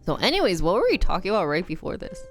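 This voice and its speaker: Young woman rambling on her stream, laughs a lot, bouncy voice, soft music underneath. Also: lowish voice, very animated, quick pace. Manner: chatty, giggly, drops in Korean words. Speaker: livestreamer. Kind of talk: casual live-stream chat.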